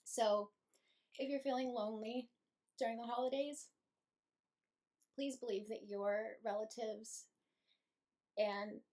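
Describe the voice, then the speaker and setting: A young adult woman, a medium, telling an emotional personal story to her viewers in a slow, heartfelt way. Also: medium pitch, a little mellow. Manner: slow, emotional, breathy with feeling, laughs between phrases. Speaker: medium and channel host.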